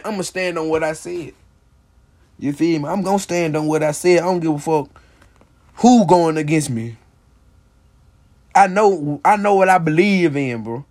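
A young man hosting his own podcast, ranting bluntly and profanely, with "bro" and "you feel me" after nearly every point. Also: sits high. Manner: heated, insistent. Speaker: podcast host. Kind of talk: casual solo podcast rant.

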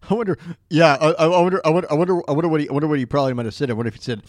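A man's voice: a little high, steady tone, rapid-fire, no echo, studio quality. A man hosting a podcast, joking along over a narrated story, stammering and restarting as he riffs. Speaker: podcast host. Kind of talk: casual commentary.

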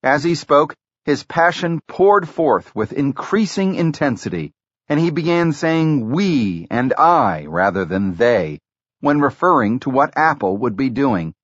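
A man narrating an audiobook in a measured, even storytelling delivery. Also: mid-range voice, no room sound, lo-fi sound. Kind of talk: scripted narration.

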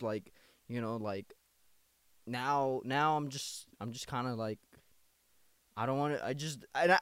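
A man's voice: medium pitch, a bit bright, no room sound. Rambling young man podcasting, dry sound. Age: 20s. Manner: rambling, repeats himself, swears a lot, says bro. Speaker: podcast host. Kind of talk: casual confessional podcast monologue.

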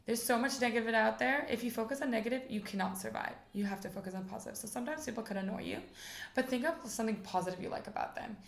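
A woman in her forties from the United States with an American accent, a guest in a relaxed interview, chatting upbeat with many fillers. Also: a little high, rapid-fire, gravelly, reverberant. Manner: chatty, upbeat, lots of fillers like "like" and "you know". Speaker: interview guest, rabbi's wife. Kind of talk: casual conversational interview.

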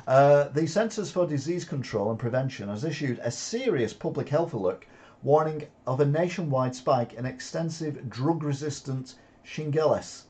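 A man's voice: mid-range voice, lively intonation, normal speed, darkish tone. A man reading news headlines aloud and adding sardonic, opinionated commentary, with occasional swearing and chuckles.

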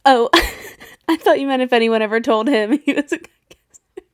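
A woman in her thirties co-hosts a podcast, casually recapping a movie rewatch with lots of laughter, swearing, and acted-out quotes. Her voice is high-pitched and moderately paced, recorded dry with clean studio sound.

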